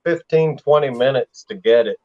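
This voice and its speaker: Southern man hosting a casual stream chat, easygoing storyteller, mid-pitched, slightly muffled lo-fi audio. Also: normal speed. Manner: laid-back storytelling. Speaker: livestream host. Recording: slightly dull lo-fi sound.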